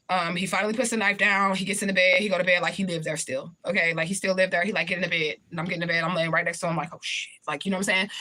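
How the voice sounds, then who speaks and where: Woman, quick bright delivery, casual storyteller who swears and keeps checking in with the listener. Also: on the low side. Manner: swears freely, repeats points for emphasis. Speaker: spiritual reader. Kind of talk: casual first-person storytelling.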